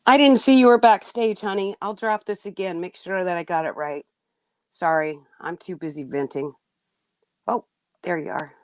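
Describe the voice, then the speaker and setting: A woman's voice: lowish voice, normal speed, no room sound. A woman hosting a livestream, venting bluntly and indignantly to her chat, cursing now and then. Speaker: livestream host.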